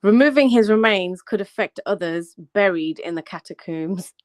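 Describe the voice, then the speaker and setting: A woman's voice: medium pitch, expressive, normal speed, no room sound. Brummie woman reading aloud on a live stream. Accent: Birmingham. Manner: reads aloud with slips and self-corrections. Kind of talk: casual panel chat, reading an article aloud.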